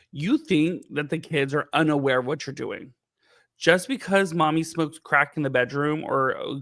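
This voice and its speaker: A man's voice: medium pitch, a bit bright, dry recording, studio quality. A man hosting a podcast, asking questions in a loose, rambling way full of fillers and easy laughter. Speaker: podcast host. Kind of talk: casual interview chat.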